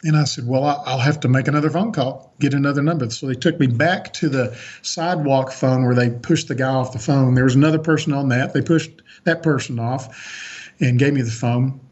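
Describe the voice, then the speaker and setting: Husky-voiced man telling a story. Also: mid-range voice, fairly quick, darkish tone, dull audio. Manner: earnest, eventful storytelling with frequent restarts. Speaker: podcast guest. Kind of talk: recounting a personal story in an interview.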